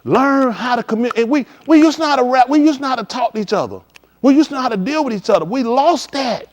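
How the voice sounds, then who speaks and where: A man preaching in a casual, conversational style, swinging from quiet to loud and acting out conversations. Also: very high-pitched, fast. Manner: animated, shifting between quiet and loud, acts out dialogue. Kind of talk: livestreamed sermon.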